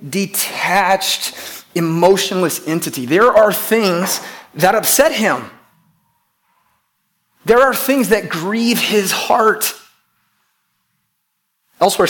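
A man's voice: a little high, fairly bright tone. A pastor preaching to his church in an emphatic way, repeating key phrases and putting questions to the congregation. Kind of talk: sermon.

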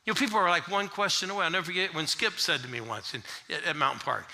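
A middle-aged male pastor preaching to a congregation in a church. His voice sits high and rings very bright and forceful. He swings between shouted call-and-response and hushed storytelling. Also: quick pace, creaky. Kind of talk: sermon.

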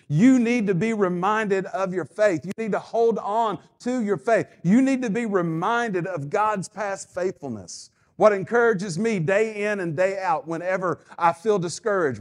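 A pastor with a high-sitting male voice preaches a sermon, using emphatic, repetitive phrasing and call-and-response with the congregation.

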